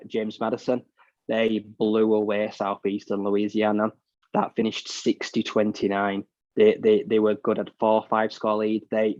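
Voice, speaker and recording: A man's voice: lowish voice, a little mellow, no room sound. A British man co-hosting a podcast, giving blunt, opinionated takes in casual chat that rambles with restarts. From United Kingdom. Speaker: podcast co-host. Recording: dull, dry lo-fi mic sound.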